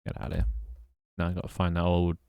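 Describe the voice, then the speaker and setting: A man's voice: sits low, monotone, fast, vocal fry, mellow, clear, resonant tone, no room sound. A British man streaming live, muttering and swearing at his code between casual chats with his viewers. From Britain. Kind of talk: casual live-stream chat while coding.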